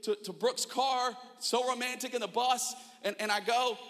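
A young man preaching a sermon, telling a funny personal story with self-mocking animation and shouted asides in a church auditorium. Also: very high voice, steady tone, moderate pace. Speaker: pastor. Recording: long hall reverb.

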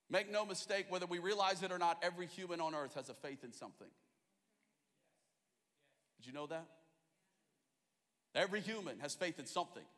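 A man's voice: sits high, sharp tone. A man in his thirties from Australia with an American accent, preaching an impassioned, rhythmic sermon in a large church. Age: 30s. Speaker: pastor. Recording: echoey large hall.

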